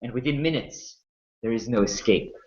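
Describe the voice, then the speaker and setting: A man's voice: medium pitch, normal speed, a little mellow. A man narrating a tabletop game as game master, telling the story in a dramatic way with small restarts. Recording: dull, roomy sound.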